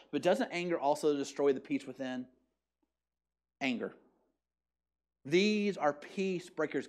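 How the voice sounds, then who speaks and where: A pastor giving an animated, emphatic sermon at a church service that is also streamed online, often putting questions to the listeners. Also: mid-range voice.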